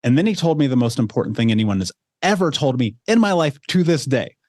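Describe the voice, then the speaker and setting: A man's voice: medium pitch, lively intonation, fast, a little mellow, no echo, studio quality. A man in his thirties, a podcast guest candidly telling his personal life story with conversational asides.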